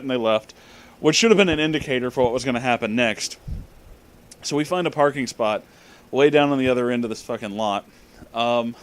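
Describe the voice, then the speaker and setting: A young man casually telling a story about a road trip, swearing freely and laughing often. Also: medium pitch. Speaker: vlogger.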